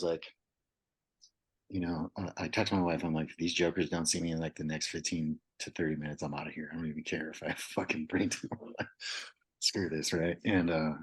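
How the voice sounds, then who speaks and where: Very deep husky man. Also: poor audio. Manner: candid, loose, swears, many fillers. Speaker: podcast guest, veteran. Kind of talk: casual storytelling.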